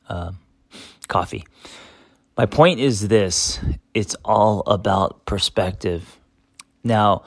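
A man's voice: on the low side, no echo, studio quality. A middle-aged man from the United States, a therapist hosting a podcast, talking in a candid, rambling self-help monologue full of fillers.

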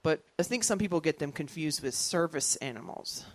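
Stand-up comedian, thirties, animated storyteller who acts out other voices. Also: medium pitch, a little fast, dry recording.

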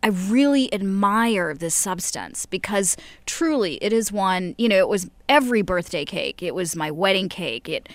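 A woman's voice: mid-range voice, animated, normal speed, hardly any pauses, no room sound. Enthusiastic woman explaining chocolate. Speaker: chocolate podcast host. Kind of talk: casual radio conversation.

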